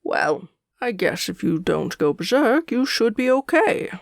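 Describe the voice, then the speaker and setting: A woman voicing a stern male school official who speaks in a cold, condescending, lowered voice. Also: sing-song, unhurried, creaky, dry recording, clean studio sound, exaggerated voice. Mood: scornful.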